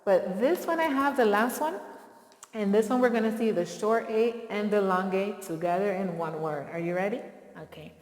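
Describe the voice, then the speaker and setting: A woman's voice: medium pitch, moderate pace, a little mellow. A woman teacher leads young children through a phonics lesson, prompting them to answer and praising them often. Her voice carries a roomy sound with a long, lingering reverb. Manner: encouraging, call-and-response prompts.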